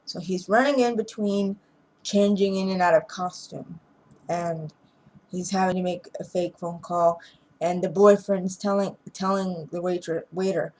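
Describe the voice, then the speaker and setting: A woman with a husky, slightly low voice retells a film's story in an easygoing, meandering way. She restarts her sentences and chuckles between them as she goes. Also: fairly even intonation, a little slow, darkish tone, low-quality recording. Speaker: movie reviewer. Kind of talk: casual spoken plot retelling.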